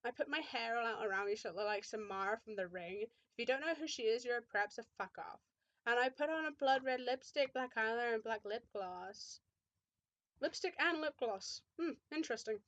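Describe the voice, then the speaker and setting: A woman's voice: on the high side, a little fast, a bit bright, dry recording, muffled recording. A woman giving a comedic dramatic reading of fan fiction, with sarcastic asides and frequent swearing. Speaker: channel host reading fan fiction aloud.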